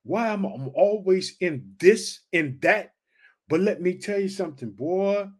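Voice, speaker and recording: A man with a high voice preaches an excited motivational sermon on his podcast. He keeps calling out to his listeners and repeats his rallying lines. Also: a little slow. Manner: excited, repetitive call-outs to listeners.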